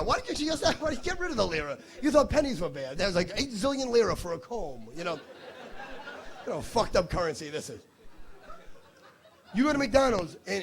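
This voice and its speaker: A man's voice: high voice, a bit bright. A male stand-up comedian doing crowd work on stage, brash and teasing, with profanity. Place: comedy stage before a live audience.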